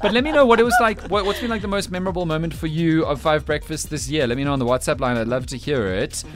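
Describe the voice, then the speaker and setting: A man's voice: fairly high pitch, fast talker, a bit bright, faint music behind. A man from South Africa hosting a breakfast radio show, chatty and teasing in his links.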